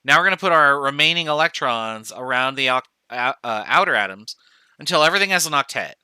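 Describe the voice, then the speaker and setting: A chemistry professor lectures on a recording a little fast, expressive in a medium-pitched voice that is very bright, crisp and smooth. He narrates every step, counting off items and correcting himself as he goes. The audio is dry and close with no echo.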